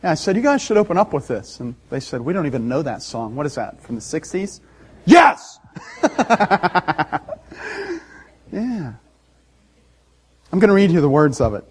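A man preaching a sermon, animated and laughing often, acting out the voices in the story. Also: fairly high pitch, fast talker, hardly any pauses, husky. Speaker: pastor.

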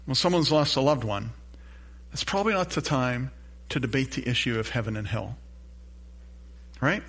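A man's voice: mid-range voice, normal speed, fairly bright tone. A middle-aged man preaching a sermon as pastor, telling a self-deprecating story and asking the congregation questions.

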